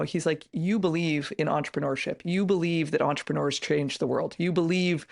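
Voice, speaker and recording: A woman's voice: low voice, fairly even intonation, normal speed, vocal fry, darkish tone, dry recording, clean studio sound. A middle-aged woman, an author and entrepreneur, speaking as a podcast guest in an emphatic, earnest way with many restarts. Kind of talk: casual interview conversation.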